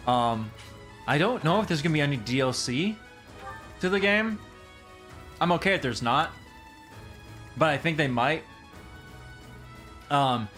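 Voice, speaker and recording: Hyped guy streaming a game, bright punchy voice, rambles n repeats himself, faint music behind. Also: fairly high pitch. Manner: excitable and rambling, repeats himself, laughs often. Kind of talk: casual gameplay commentary.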